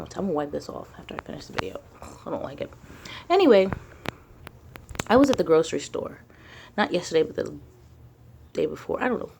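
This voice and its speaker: Gravelly low-voiced woman, rambling vlog talk. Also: a little mellow, slight background noise. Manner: rambling, frequent fillers and casual swearing. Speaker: spiritual vlogger. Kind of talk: casual monologue to camera.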